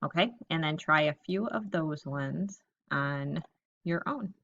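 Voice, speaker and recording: A woman teacher giving a recorded lesson to young children, reading example sentences slowly and thinking aloud about each one. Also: sits low, lively intonation, gravelly, fairly bright tone, lo-fi sound.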